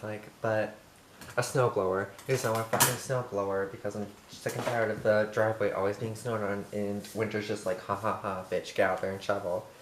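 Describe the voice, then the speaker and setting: A teenage guy from Montana rambles through a baking vlog in his kitchen, camp and sassy, swearing freely. His voice sits at a middling pitch. The room echoes, and steady noise runs underneath. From Montana, USA. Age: teens. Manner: sassy, campy and profane. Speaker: vlogger. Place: home kitchen.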